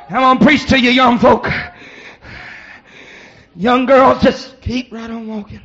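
A man preaching a shouted sermon in church, whooping and calling on the congregation to respond. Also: very high voice, steady tone, unhurried, pauses often, muffled recording, faint music behind, a faint crowd. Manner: hollers and whoops, calls for response. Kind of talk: shouted Pentecostal-style sermon with storytelling.

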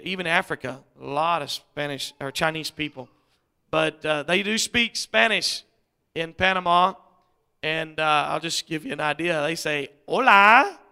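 Brief: missionary preacher, rambling, bright and crisp. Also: male voice, fairly high pitch. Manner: folksy, rambling, many fillers and restarts. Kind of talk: sermon.

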